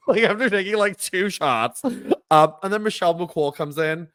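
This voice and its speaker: A man co-hosting a podcast in casual chat, animated, laughing often and acting out what others say. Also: high voice, unhurried, clean tone, no room sound. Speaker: podcast co-host.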